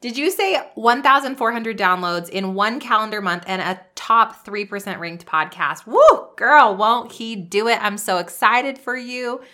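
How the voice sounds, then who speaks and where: A woman's voice: mid-range voice, expressive, normal speed, hardly any pauses, sharp tone. A woman hosting a podcast, giving an upbeat pep-talk style coaching monologue. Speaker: podcast host and business coach.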